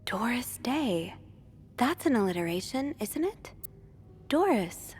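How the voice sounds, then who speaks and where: A woman's voice: fairly high pitch, very animated, slow pace, slight background noise. A woman voicing a wry, curious young hotel maid in a mystery game, with dry, musing asides. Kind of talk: game voice acting.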